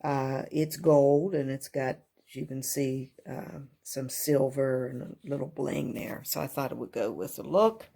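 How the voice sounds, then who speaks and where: A woman with a low voice and a gravelly fry talks through her decor at home in a relaxed, chatty way. She fills her talk with ums and little unsure asides, filming on a handheld camera that she moves in close. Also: measured pace, hardly any pauses. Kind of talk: casual show-and-tell walkthrough. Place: at home beside a kitchen cart. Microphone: handheld camera moved up close.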